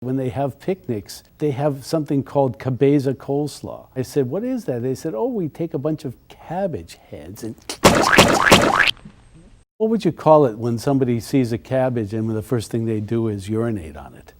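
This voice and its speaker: A man doing deadpan comic banter as a mock-neurotic therapy patient, stammering at times. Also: medium pitch, moderate pace. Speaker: therapy patient in a comedy sketch.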